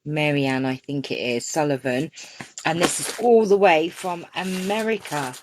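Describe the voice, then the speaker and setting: Lady chatting on a craft livestream, low voice, slow and easy, bit of faint hiss. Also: lively intonation. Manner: chatty, greets viewers by name, gushes over gifts. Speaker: crafting channel host. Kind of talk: casual live-stream chat.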